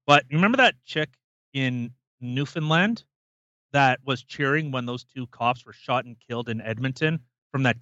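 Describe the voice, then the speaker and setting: A man's voice: mid-range voice, a bit bright, dry recording, highs cut off. A man co-hosting a podcast, ranting emphatically and swearing freely in casual chat. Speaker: podcast co-host.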